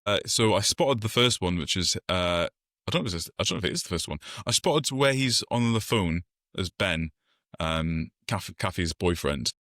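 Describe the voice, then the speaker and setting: Easygoing co-host, low bright voice, dry close sound. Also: male voice, animated, moderate pace, no room sound. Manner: trivia-sharing, easygoing, hesitant fillers. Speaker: podcast co-host. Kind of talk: casual chat.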